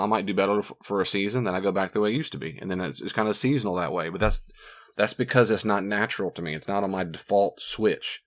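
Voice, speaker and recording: Lively low-voiced man giving marriage advice. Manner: animated, acts out quoted voices. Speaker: marriage counselor. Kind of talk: casual teaching talk.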